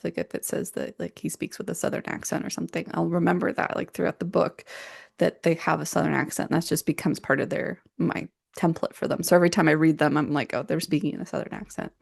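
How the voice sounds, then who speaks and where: A woman's voice: on the low side, fairly quick, gravelly, breathy edge, no room sound, clean studio sound. A woman writer co-hosting a podcast, chatting casually and telling stories with lots of "like" fillers. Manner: chatty, many "like" fillers, storytelling.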